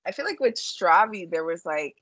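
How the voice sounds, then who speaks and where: A New York-accented woman co-hosts a podcast, chatting casually about reality TV in a blunt, profane way packed with fillers. Her voice is lowish and a bit bright, animated, at a normal speed, with no echo.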